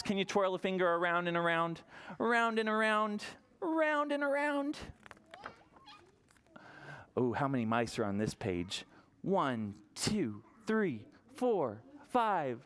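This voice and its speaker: A children's librarian reading a counting book to a group of toddlers. The voice swoops high and low with lots of life, and the pace is slow and unhurried. The reader coaxes the little ones along, sing-song and playful. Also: smooth. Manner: sing-song, coaxing, asks the children questions; counts aloud slowly and playfully.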